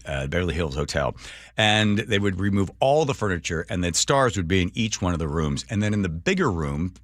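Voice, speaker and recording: A middle-aged man in a radio studio, spinning a story for his listeners with a wry edge. His voice sits low but swings widely up and down as he gets into the telling. The sound is close and dry, with no room around it. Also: no echo. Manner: animated, wry anecdote-telling. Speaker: radio talk show host. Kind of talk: casual storytelling monologue. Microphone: studio microphone.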